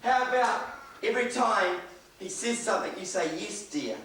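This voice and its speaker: A New preacher voicing a wise counsellor who firmly advises a wife, with heavy echo from a distant mic. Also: male voice, high voice, expressive, normal speed, a bit bright, slight background noise. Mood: persuading. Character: wise, insistent male counsellor. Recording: echoey church hall, distant mic.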